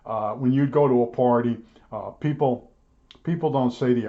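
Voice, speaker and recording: An older man rambles through stories in a blunt, grumbling tone, often stopping to restart his sentences. His voice sits at an ordinary male pitch. The home video audio sounds dull and lo-fi. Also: normal speed. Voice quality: blunt, grumbling, repeats himself with frequent restarts. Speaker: electronics repairman vlogger. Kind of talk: rambling storytelling rant.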